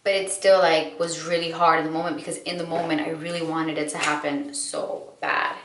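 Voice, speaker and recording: A woman's voice: deep voice, little pitch movement, brisk, background noise. Woman, late 20s, vlogger. Candid, casual and full of fillers. Recorded from a distance. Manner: chatty and heartfelt, full of "like" fillers. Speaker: vlogger and mother. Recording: roomy, distant mic.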